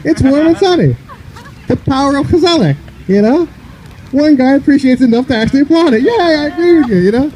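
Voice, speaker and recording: A man's voice: extremely high pitch, animated, fairly quick, warm tone, poor audio. A man from the northern United States doing a loose, rambling stand-up comedy set on an outdoor park stage, filling his talk with "you know".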